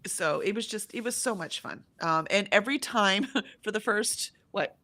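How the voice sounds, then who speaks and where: A middle-aged woman chatting casually on a livestream, her voice bright and clear. She rambles, restarts her sentences and breaks into laughter often. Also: medium pitch, moderate pace, dry recording. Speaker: co-host of a livestream. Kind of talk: casual chat, reading chat comments aloud.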